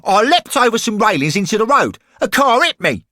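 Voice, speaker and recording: A man's voice: high-pitched, sing-song, brisk, dry recording, clean studio sound, voice pushed up, full character voice. A man voicing a rowdy, boastful young male football hooligan ghost in an audio story. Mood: brash. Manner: loud, boastful, cocky.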